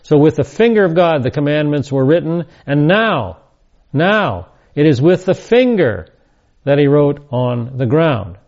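A man giving verse-by-verse Bible teaching, reading scripture aloud and slowing down to stress key words. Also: on the high side, sing-song, a little mellow, highs cut off.

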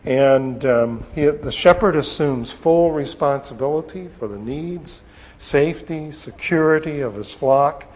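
Slow-speaking man preaching in a reverberant hall. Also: a little high, a little mellow. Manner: slow, deliberate delivery with pauses and fillers. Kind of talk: expository Bible teaching. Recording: long reverb, dull lo-fi sound.

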